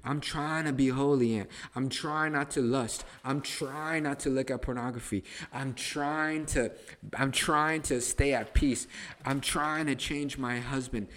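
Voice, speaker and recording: A man's voice: mid-range voice, steady tone, unhurried, a bit bright. Emphatic man teaching the Bible. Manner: emphatic and repetitive, restarts phrases for stress. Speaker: podcast host teaching the Bible. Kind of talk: casual Bible teaching conversation.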